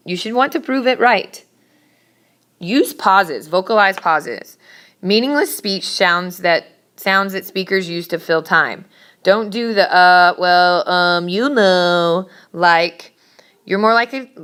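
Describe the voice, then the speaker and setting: Brisk woman teacher lecturing a class. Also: on the low side, pushed and bright. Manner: brisk, scolding asides to students. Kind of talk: classroom lecture on public speaking.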